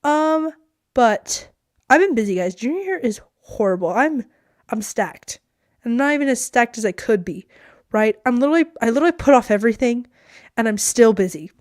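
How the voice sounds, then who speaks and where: Talking to the camera from her bedroom, a teen girl rambles through her solo podcast vlog with a slightly high, animated voice at normal speed. She sounds a little mellow, chats and laughs often while putting herself down, and the sound is clean, studio-grade, with no room echo.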